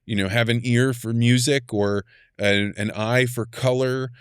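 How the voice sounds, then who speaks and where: A man hosting a podcast, thinking aloud and posing questions in quick, searching bursts. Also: medium pitch, fairly even intonation, clean tone, no room sound, studio quality. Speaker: podcast host. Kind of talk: casual conversation.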